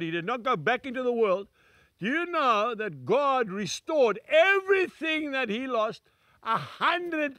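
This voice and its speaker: Older man preaching with lively high pitch. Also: dry recording, studio quality. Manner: emphatic, folksy preaching with repeated phrases. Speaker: evangelist. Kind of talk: sermon to camera. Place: small studio set.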